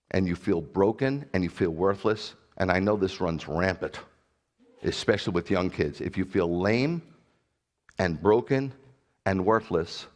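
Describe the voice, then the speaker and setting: A middle-aged man preaching a sermon as pastor, animated and jokey, with sudden loud bursts. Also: low voice.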